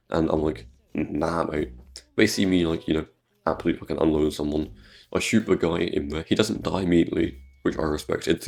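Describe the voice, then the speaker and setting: A man's voice: extremely low pitch, creaky, darkish tone. A man with a British accent, rambling crude jokes over gameplay commentary. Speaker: gaming YouTuber.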